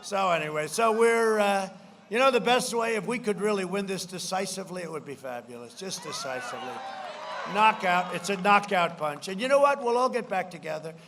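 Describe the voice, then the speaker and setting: High-voiced man shouting through a rally speech. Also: lively intonation, brisk, a little hiss or hum. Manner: rambling, repetitive, swings into shouted punchlines; mocking mimicry of opponents. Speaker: politician addressing a rally. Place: large political rally.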